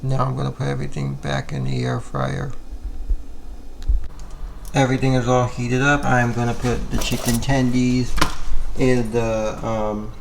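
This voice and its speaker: A Puerto Rican vlogger chats casually at home, moving between kitchen and bedroom and rambling with plenty of "you know" and "like." His mid-range voice is gravelly and measured, with long pauses and a little hiss or hum in the audio.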